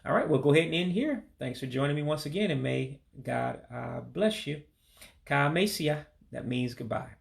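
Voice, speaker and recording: A man from Michigan, casually walking through a vocabulary lesson and repeating each word slowly, with frequent ums and uhs. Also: medium pitch, vocal fry. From Michigan, USA. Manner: repeats words slowly, hesitant with many fillers. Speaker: language learner teaching vocabulary.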